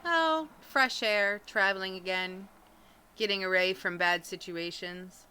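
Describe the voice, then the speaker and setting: A woman joins a tabletop game as a player, teasing the others. She talks slowly. Her voice is bright and clean. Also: medium pitch, smooth. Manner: playful, teasing. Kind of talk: casual tabletop play.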